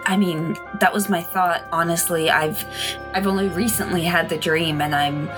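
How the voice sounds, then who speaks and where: A woman playing a character in a tabletop game, playful and quick to laugh. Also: fairly low pitch, fairly even intonation, over music, poor audio. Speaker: player.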